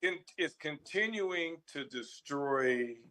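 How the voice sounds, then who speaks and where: A man's voice: fairly high pitch, expressive, takes it slowly, pushed and bright. A man who once played pro football, talking casually on a radio show in an earnest, storytelling way. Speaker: former football player, co-host.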